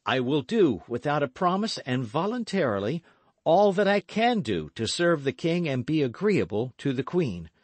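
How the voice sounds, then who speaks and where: A man's voice: on the high side, very animated, normal speed, no echo, pitched above the performer's own voice. A man voicing a bold, gallant young guardsman in an audiobook reading, speaking earnestly and eagerly.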